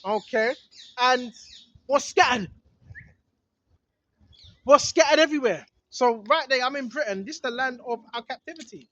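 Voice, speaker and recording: High-voiced man preaching in a rambling way. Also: moderate pace, long pauses, sharp tone, no echo, muffled recording. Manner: emphatic, rambling, keeps asking "right?". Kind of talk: outdoor religious vlog monologue. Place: small hidden spot in the woods, outdoors.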